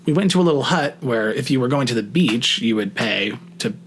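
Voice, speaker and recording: A young adult man casually telling a story to camera, chatty and profane, full of "like" fillers, rushing some phrases and drawing out others. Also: mid-range voice, lively intonation, a little hiss or hum. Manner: shifts between rushed and drawn-out phrasing. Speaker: vlogger.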